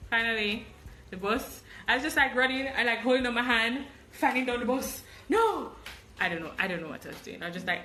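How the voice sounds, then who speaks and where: A woman's voice: fairly high pitch, animated, brisk, bright, forceful tone, roomy sound. A woman with a Jamaican accent who hosts a podcast, animatedly telling a travel story and acting out the dialogue. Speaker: podcast host.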